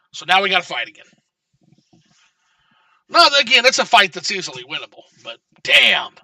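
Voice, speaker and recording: A man streaming a video game, talking casually and excitably to his chat and swearing often. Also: sits high, no room sound, distant mic. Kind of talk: casual live gameplay commentary.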